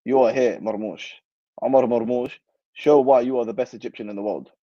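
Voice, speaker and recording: A man's voice: medium pitch, fairly even intonation, brisk, no echo, lo-fi sound. A young man hosting a football channel, chatting casually and reacting animatedly to live comments in slang. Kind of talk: casual livestream chat.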